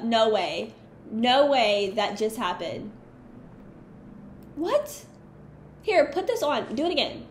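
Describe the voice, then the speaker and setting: A woman's voice: a little high, very animated, takes it slowly, long pauses, reverberant, soft background music. A woman giving chatty, easily exasperated let's-play commentary while she plays. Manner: chatty, easily exasperated, talks to her companion. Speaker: gaming streamer.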